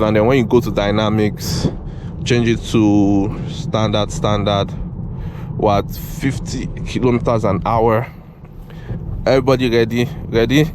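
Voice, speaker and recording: An excitable man talks his way through a test drive. He repeats lines and scolds the car as it moves. Clear road noise fills the cabin behind his voice. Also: mid-range voice. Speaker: car reviewer. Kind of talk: casual driving commentary. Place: inside a moving car.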